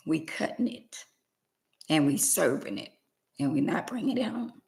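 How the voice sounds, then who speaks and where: A woman's voice: fairly low pitch, big pitch swings, slow, vocal fry, pauses often, a little mellow. A woman talking straight to her viewers in a casual monologue, plain-spoken and emphatic, repeating her points. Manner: plain-spoken, uses y'all. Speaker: vlogger.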